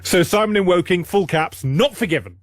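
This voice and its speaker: A man's voice: high-pitched, lively intonation, brisk, dry recording. Radio co-host, English man, wry and understated, dry close sound. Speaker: radio co-presenter. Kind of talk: radio show banter. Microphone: remote microphone.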